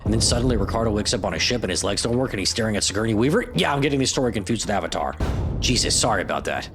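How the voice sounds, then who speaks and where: A man's voice: on the low side, racing, over music. A man hosting a scripted comedy podcast, narrating with sarcastic, self-mocking asides and dropping into silly voices. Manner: lively, jokey delivery with silly voices. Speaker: podcast host.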